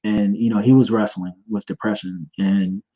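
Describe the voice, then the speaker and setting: A man's voice: on the low side, fairly even intonation, moderate pace, mellow. Earnest rambling man, muffled lo-fi. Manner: earnest, rambling, many restarts. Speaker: podcast host. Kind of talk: personal testimony. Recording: dull lo-fi sound.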